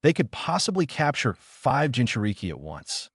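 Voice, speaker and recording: A man's voice: medium pitch, huge pitch swings, moderate pace, slightly rough, no room sound, studio quality, voice pushed up, full character voice. Middle-aged village leader, tired, grave, briefing, storybook voice, man performing.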